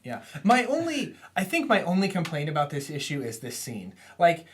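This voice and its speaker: A man's voice: on the high side, normal speed, slight background noise. A man co-hosting a comic book podcast, chatting casually and jumping into quoted lines. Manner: lively, jumps into quoted voices. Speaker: podcast co-host.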